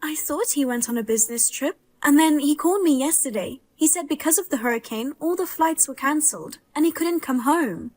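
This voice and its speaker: A woman voicing a high-voiced, fierce pregnant young wife. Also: animated, fairly quick, hardly any pauses, darkish tone. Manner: wry, indignant, grimly humorous. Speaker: pregnant daughter-in-law. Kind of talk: dramatized story voice-over.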